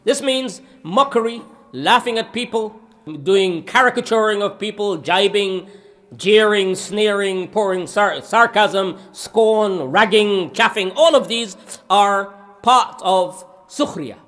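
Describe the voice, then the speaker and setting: High-pitched man giving a religious lecture. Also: takes it slowly, a bit bright. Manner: earnest, explanatory, quotes Arabic scripture. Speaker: Islamic lecturer.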